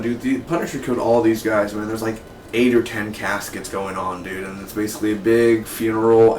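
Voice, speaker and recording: A man's voice: lowish voice, slight background noise. A man giving a casual, rambling spoken review of a TV episode, constantly dropping "man" and "dude" into his sentences. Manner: rambling and laid-back, peppers talk with "man" and "dude". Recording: roomy echo, mic some distance away.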